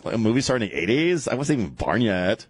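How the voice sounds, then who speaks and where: A man's voice: lowish voice, very animated, fast, slightly rough. A middle-aged man with a Texan accent hosting a radio talk show, rambling and joking with a co-host. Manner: rambling, jokey, laughs often. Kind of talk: casual on-air banter. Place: radio studio.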